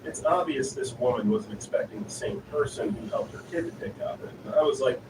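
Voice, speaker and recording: A man reading online stories aloud in an even, unhurried narrating style. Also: mid-range voice. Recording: echoey, distant voice with noisy ambience.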